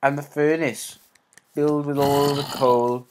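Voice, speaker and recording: A man's voice: on the high side, level tone, measured pace, noisy background. A man giving let's play commentary, rambling to himself and yelping at sudden scares. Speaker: gaming YouTuber.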